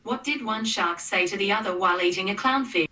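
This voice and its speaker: A synthetic female voice assistant speaking with a slight Australian accent, polite and even. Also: mid-range voice, fairly quick, natural voice. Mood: chipper. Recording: roomy, from a distance.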